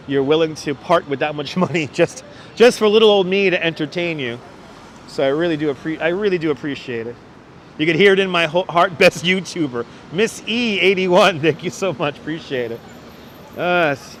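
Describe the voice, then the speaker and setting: A man's voice: on the high side, fairly bright tone, slight background noise. A man hosting a walking livestream on city streets, thanking viewers over and over in an effusive way. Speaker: livestream host. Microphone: wireless clip-on mic.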